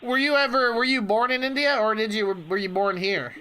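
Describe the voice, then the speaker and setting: A man's voice: extremely high pitch, steady tone, a little fast, sharp tone, slight background noise. A man livestreaming prank phone calls and chatting casually, joking and muttering to himself as he fixes his stream settings. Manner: jokey, mutters to himself while fiddling with settings.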